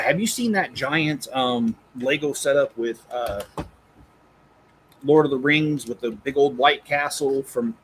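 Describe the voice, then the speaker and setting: On a Lego channel live stream, the male host talks loosely, wandering off track, fixing his own mistakes, and laughing as he reads. His voice is medium-pitched and a bit bright, and the rough recording carries slight background noise.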